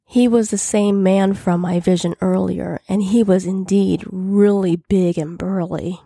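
Woman, audiobook narration, first person, lower voice, dry close sound. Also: flat delivery, measured pace, creaky, dark tone, slightly rough, dry recording.

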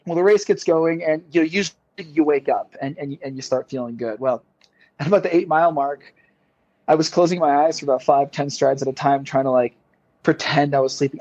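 A man's voice: on the high side, a little mellow, dry recording. A man as a podcast guest, telling a long story in a casual, rambling way with many fillers and repeated words. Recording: slightly dull lo-fi sound.

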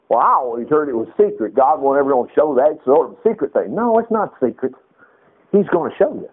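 A man's voice: medium pitch, expressive, a little fast, slightly rough. A middle-aged man preaching a sermon, reading scripture aloud and breaking off into casual asides. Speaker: pastor. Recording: tinny phone-like recording.

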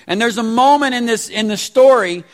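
A pastor in his forties who preaches a sermon in a casual, animated way with slangy asides. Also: extremely high pitch, normal speed. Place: church sanctuary. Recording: reverberant church hall.

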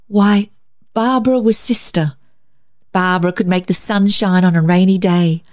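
A woman narrating a classic storybook in a measured, expressive reading. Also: fairly low pitch.

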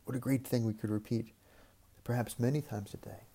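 A man preaching a reflective sermon, speaking in a measured way with repeated phrases and long pauses. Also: mid-range voice, steady tone, warm tone, slightly rough.

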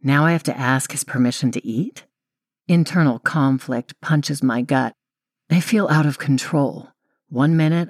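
A woman's voice: extremely low pitch, darkish tone, dry recording. Young woman narrator, wry first-person audiobook read, dry close studio sound.

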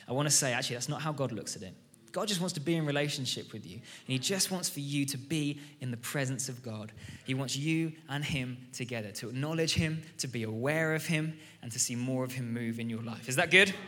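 A man's voice: medium pitch, a little fast, bright, forceful tone. A man preaching a sermon in an enthusiastic, conversational style and telling stories from the pulpit. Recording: reverberant church hall.

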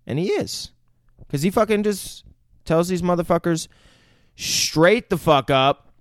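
A man's voice: sits high, lively intonation, unhurried, pauses often, dry recording, clean studio sound. Casual, rambling podcast guy. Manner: rambling, swears often, hesitant restarts. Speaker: podcast co-host. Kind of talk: casual chat recapping a film.

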